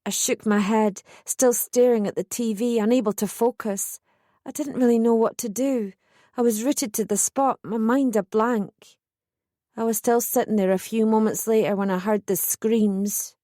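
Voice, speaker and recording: A woman narrates a first-person audiobook in a steady, measured voice. Her voice sits fairly high, and she reads close to the mic. The recording is dry, with no room echo.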